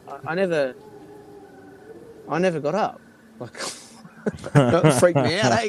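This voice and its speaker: An Australian man telling a rambling, animated campfire-style story, swearing freely and laughing between lines. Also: mid-range voice, normal speed, long pauses, a little hiss or hum. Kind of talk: casual storytelling.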